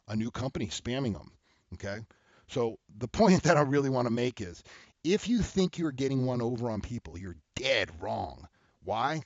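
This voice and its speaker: A man's voice: on the low side, no room sound, muffled recording. A man hosting an advice show who talks bluntly and heatedly, and keeps checking in with "okay?". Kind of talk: casual advice talk to camera.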